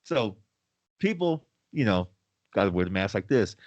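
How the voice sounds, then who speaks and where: A man's voice: fairly low pitch, big pitch swings, normal speed, a little mellow, dry recording, highs cut off. A man co-hosting a podcast in casual chat, blunt and profane, acting out his run-ins with customers. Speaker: podcast co-host.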